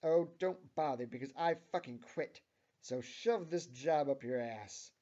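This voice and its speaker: A man's voice: mid-range voice, normal speed, warm tone, natural voice. A man reading the lines of an abrasive, cynical young woman who swears and grumbles, on a dull lo-fi recording. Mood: yelling angrily.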